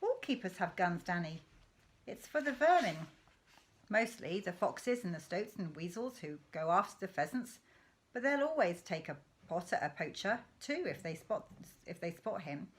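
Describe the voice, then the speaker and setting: A woman's voice: lowish voice, sing-song, moderate pace. A woman voicing a mischievous storybook dad. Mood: teasing. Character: lively middle-aged English father, mischievous and conspiratorial. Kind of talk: read-aloud storybook dialogue.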